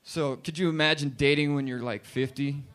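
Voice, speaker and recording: A man's voice: on the high side, steady tone, normal speed, slight background noise. A man in his late twenties doing a profane, punchy stand-up comedy set in a bar. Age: 20s. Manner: profane, loud, punchy delivery with put-on voices. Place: bar stage with live audience.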